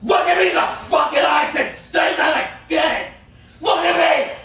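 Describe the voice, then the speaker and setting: A man yelling in fury, his voice high and strained. The audio is a roomy, far-off leaked recording with some noise behind it. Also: fairly even intonation, measured pace, gravelly, some chatter behind. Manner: yelling furiously. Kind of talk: shouting argument. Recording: echoey, distant leaked audio.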